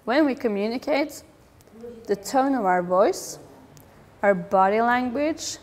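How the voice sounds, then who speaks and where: A middle-aged woman giving a lively public talk about children's behaviour, with humorous asides. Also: on the high side, slow. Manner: lively, acts out quoted voices, humorous asides.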